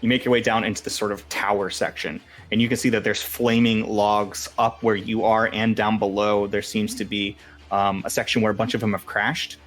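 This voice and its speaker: A man's voice: on the low side, level tone, moderate pace, a bit bright, faint music behind. A young man narrating as game master in a casual, swearing, filler-laden way.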